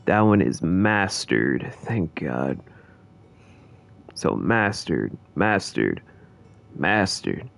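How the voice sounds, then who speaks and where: A man's voice: deep voice, sing-song, drawn-out words, creaky, pauses often, fairly bright tone. A man streaming a game, chatting casually to viewers in a rambling, jokey way. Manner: rambling and jokey, talking to chat. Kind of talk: casual gaming commentary.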